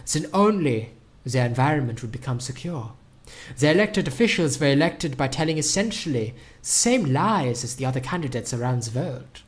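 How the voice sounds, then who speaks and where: A man performs a scheming would-be dictator in a put-on German accent, reciting his plans for a coup in a deadpan, even poetry-reading voice. The pitch sits in the middle of the range. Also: lightly acted.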